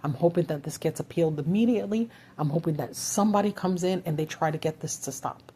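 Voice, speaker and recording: A woman's voice: on the low side, fast talker, mellow, slightly rough. A woman vlogger delivering an urgent, frustrated rant to her viewers, full of rhetorical questions and swearing. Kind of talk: impassioned political rant.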